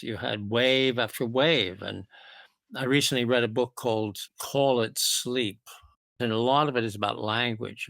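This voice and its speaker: A man's voice: lowish voice, gravelly, a bit bright, dry recording. A man who is the guest on an interview show, telling stories with eager enthusiasm and piling up examples. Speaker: guest author and music producer. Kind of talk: interview storytelling.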